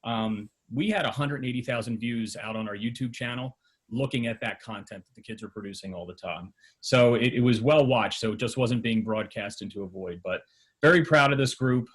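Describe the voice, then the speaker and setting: A man's voice: medium pitch, brisk, husky. Male, middle-aged, school media teacher; loose spoken remarks at a board meeting, lots of fillers. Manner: conversational, with frequent fillers and restarts. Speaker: high school TV program advisor.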